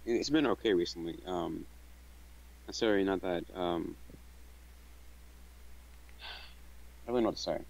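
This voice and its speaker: A man's voice: low-pitched, moderate pace, creaky, pauses often, darkish tone, muffled recording. A young man, a fellow streamer calling in, talking hesitantly with many fillers and restarts. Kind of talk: casual chat.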